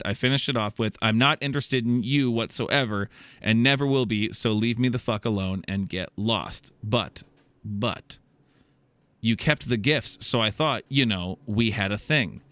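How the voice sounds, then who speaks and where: A man's voice: mid-range voice, moderate pace, clear, resonant tone, no room sound. A man hosting a comedy podcast, reading a listener's story aloud with joking asides and laughter. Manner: animated, laughing, jokey interjections. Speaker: podcast host.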